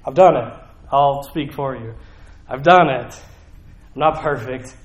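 A man with a Southern US accent preaching a sermon in a conversational, animated way. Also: medium pitch, measured pace, roomy sound, muffled recording. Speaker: pastor.

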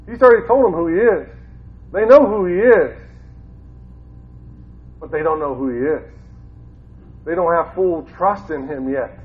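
A man from Ohio, a former school teacher, gives an informal Bible talk in a conversational way and often repeats his phrases. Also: high-pitched. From Ohio, United States. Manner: conversational, repeats phrases, grows more fervent. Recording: tinny phone-like sound.

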